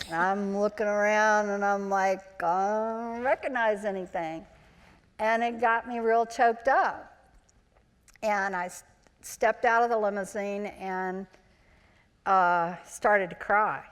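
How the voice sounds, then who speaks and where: A woman in her sixties spins lively stories at a live onstage interview, slipping into the voices of people she quotes. Her pitch sits in the middle, and the large hall around her rings with a long reverb. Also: a little slow, clean tone. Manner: chatty, animated, acts out quoted voices. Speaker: interview guest, former child actor. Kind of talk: anecdotal storytelling on stage. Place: large auditorium, live event.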